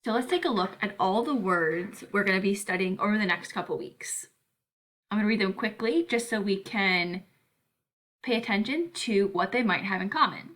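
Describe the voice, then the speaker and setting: A woman teacher giving a recorded spelling lesson to students, speaking in a clear, deliberate way. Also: medium pitch, expressive, a bit bright.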